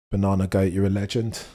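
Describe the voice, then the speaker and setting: A young man hosting a live race watchalong, chatting excitedly to his viewers and firing off rhetorical questions. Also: sits low. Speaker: livestream watchalong host.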